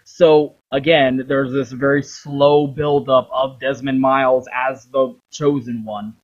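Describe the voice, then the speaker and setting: A man's voice: medium pitch, level tone, takes it slowly, hardly any pauses, lo-fi sound. A young man hosting a rambling video about games. He swears freely and acts out the lines he quotes. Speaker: video host. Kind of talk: rambling game commentary.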